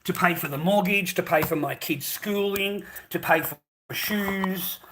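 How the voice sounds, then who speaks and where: A man's voice: high voice, unhurried, noisy background. A middle-aged Australian man in a heated, profane rant, scornful and laughing bitterly. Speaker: vlogger. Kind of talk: angry ranting monologue.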